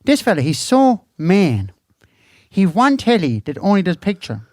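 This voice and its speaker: A man's voice: sits high, huge pitch swings, unhurried, darkish tone, no room sound, clean studio sound, exaggerated voice. An actor playing a crude, rambling rural Irish man who delivers gossipy news as a comedy monologue, swearing and laughing at his own jokes. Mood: chatty. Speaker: comic news presenter.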